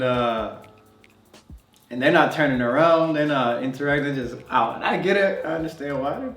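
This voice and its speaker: A man's voice: fairly high pitch, normal speed, a bit bright. A young man telling a travel story to camera in a loose, conversational way, with fillers and laughs. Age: young adult. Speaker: travel vlogger. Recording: roomy sound, distant mic, faint music.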